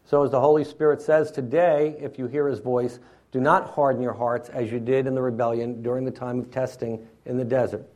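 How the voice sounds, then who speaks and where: A man's voice: medium pitch, little pitch movement, fairly quick, a little mellow. A man preaching an expository sermon in a teacherly way, often checking in with his listeners.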